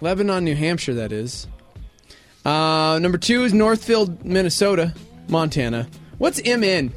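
A man co-hosting a morning radio show, joking through banter and reading sponsor copy at a quick clip. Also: on the high side, big pitch swings, soft background music.

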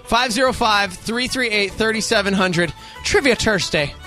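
A man hosting a morning radio show, bantering playfully and shouting catchphrases. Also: high-pitched, normal speed, soft background music.

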